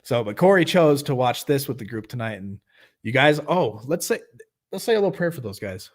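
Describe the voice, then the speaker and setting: Man, recovery meeting host, livestream, earnest, conversational, middle pitch. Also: big pitch swings, a little fast. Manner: earnest, loose and conversational, leads group prayer. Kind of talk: casual livestream meeting talk. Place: home, livestream.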